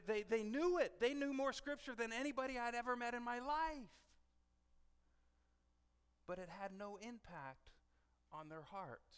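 A middle-aged male pastor preaching a sermon in a conversational, animated way, often restarting his sentences. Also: sits high, clean tone. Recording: long reverb of a church hall.

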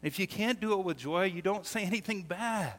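A middle-aged man preaching a sermon as pastor, telling stories with lively energy and often repeating words as he starts sentences. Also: sits high, a little fast, a little hiss or hum. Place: church sanctuary. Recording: long hall reverb.

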